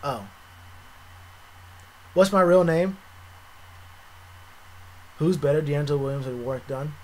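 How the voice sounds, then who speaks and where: A young man streaming live, chatting casually with viewers, animated and repetitive, full of slang. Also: on the high side, unhurried, a little hiss or hum. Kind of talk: live stream reaction chat.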